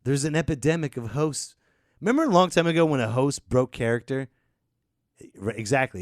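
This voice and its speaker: A man hosting a podcast, ranting sarcastically and swinging between loud and muttered. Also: medium pitch, a little fast, dry recording, clean studio sound. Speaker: podcast host. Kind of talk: casual ranting chat.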